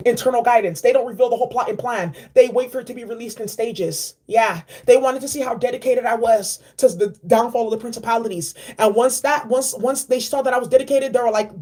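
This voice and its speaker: A woman giving a casual spiritual card reading, animated and slangy, repeating key phrases. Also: a little high, fast. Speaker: tarot and oracle card reader.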